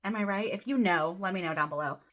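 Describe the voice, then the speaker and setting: A woman vlogging about her budget, counting cash under her breath and then gushing with excitement. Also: fairly low pitch, fast talker. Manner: excitable, counts money aloud softly then gushes. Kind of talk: casual vlog, counting cash. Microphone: desk camera mic, off-camera voice.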